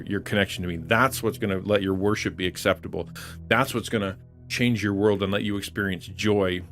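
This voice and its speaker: A man's voice: deep voice, a bit bright. A man preaching earnestly on a livestream, repeating phrases for emphasis. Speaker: online pastor. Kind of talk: livestream sermon.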